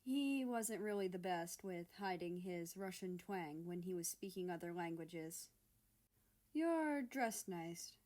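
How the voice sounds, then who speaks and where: A woman reading fan fiction aloud as narrator. She keeps a steady, even storytelling delivery, voicing the prose between the characters' lines. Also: on the low side, unhurried, hardly any pauses.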